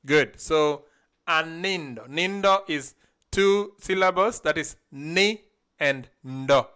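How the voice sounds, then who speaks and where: Taking it slowly, a man with a slightly high, sharp yet smooth voice teaches vocabulary during a live stream. He's a language teacher who pronounces every word syllable by syllable and has a learner say it back.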